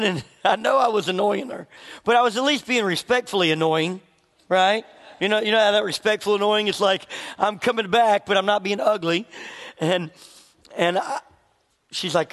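High-voiced pastor in a reverberant hall. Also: male voice, moderate pace, fairly bright tone. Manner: conversational, asks the congregation questions. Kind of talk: sermon with storytelling.

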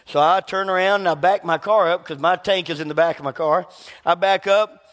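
Male pastor, high tenor register, lively storytelling sermon, big reverberant hall sound. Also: a little fast. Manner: animated storytelling, acts out quoted voices.

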